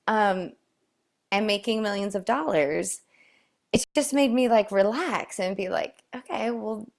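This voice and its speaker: A woman's voice: medium pitch, unhurried, creaky. A woman co-hosting a casual chat, rambling with many fillers and frequent laughs. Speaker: co-host.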